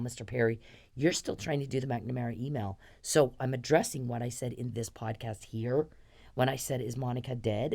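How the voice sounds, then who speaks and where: A woman's voice: very deep voice, vocal fry, dark tone. A woman in her fifties hosting a podcast, ranting in an angry, profane, accusatory monologue aimed straight at one person. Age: 50s. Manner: angry, profane, accusatory, addressing someone directly. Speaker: podcast host.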